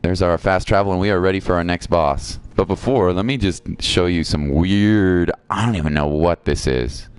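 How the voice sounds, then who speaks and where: A man's voice: sits low, normal speed, hardly any pauses, smooth, no room sound. A man streaming a video game, chatting casually and reading viewer comments aloud. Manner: chatty, reads viewer chat aloud, reacts playfully.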